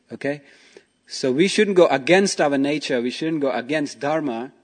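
Chatty man giving a spiritual talk. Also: mid-range voice. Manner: chatty, asks rhetorical questions, frequent 'you know' and 'okay'. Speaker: spiritual teacher. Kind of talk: casual spiritual talk with storytelling.

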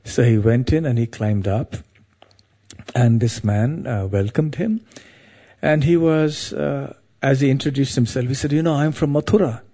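A man's voice: medium pitch, measured pace, mellow, husky. A man giving a devotional talk, telling a story in a meandering, anecdotal way with frequent asides.

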